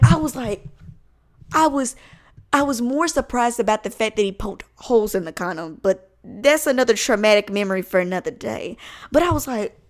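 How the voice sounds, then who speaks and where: A woman in her twenties spins a storytime for her vlog in a lively, comic way, swearing freely. Her voice sits at a middle pitch, and her delivery is animated and expressive. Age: 20s. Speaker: vlogger.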